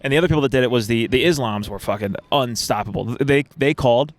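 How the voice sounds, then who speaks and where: Fast-talking young man, rambling. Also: medium pitch. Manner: rambling storyteller, acts out quoted voices. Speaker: podcast co-host. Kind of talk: casual chat.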